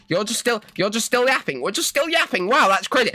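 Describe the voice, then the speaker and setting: A live game streamer rants at the screen, loud and exasperated and swearing often. The pitch jumps all over the place, and the voice is bright and sharp. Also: big pitch swings, moderate pace, hardly any pauses, faint music behind. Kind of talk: live gameplay commentary.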